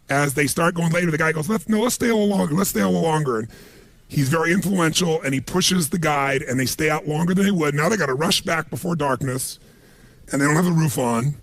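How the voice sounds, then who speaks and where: A middle-aged man speaks in a high, gravelly voice with a raspy, husky edge. He gives a motivational seminar talk, telling stories with lots of animation. The sound is close and dry. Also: no room sound. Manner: animated storytelling, acts out quoted voices.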